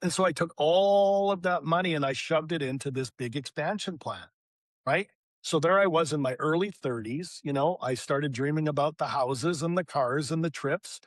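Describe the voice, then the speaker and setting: A man's voice: fairly high pitch, normal speed, dry recording. Middle-aged Canadian man telling his story. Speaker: podcast guest. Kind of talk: storytelling interview.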